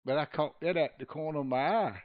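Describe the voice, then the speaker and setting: A man's voice: a little high, fairly quick, highs cut off. A man telling stories in a casual chat, laughing often. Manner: folksy storyteller, laughs often. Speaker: podcast host.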